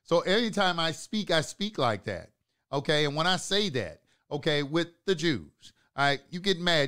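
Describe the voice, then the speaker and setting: A man's voice: a little high, very animated, normal speed, bright, forceful tone. Emphatic man preaching to his viewers. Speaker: host of an online talk channel. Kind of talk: live-streamed monologue to viewers.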